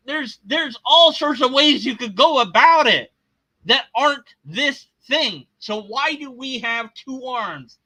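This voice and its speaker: High, sharp-voiced ranting man. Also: rough recording. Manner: agitated, sarcastic, rambling with restarts. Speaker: commentator reacting to a video. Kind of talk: casual rant.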